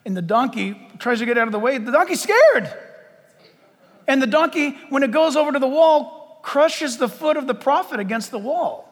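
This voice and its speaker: Male pastor, sermon, animated, laughing, high voice, long hall reverb. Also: moderate pace. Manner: animated, acts out scenes, laughs often.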